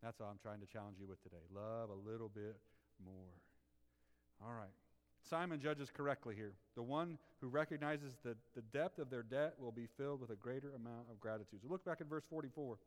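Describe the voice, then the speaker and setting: A man preaching a sermon with passion, swinging from loud outbursts to hushed tones and asking his listeners rhetorical questions. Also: mid-range voice, a little fast, in a large hall. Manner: asks the congregation rhetorical questions. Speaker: pastor.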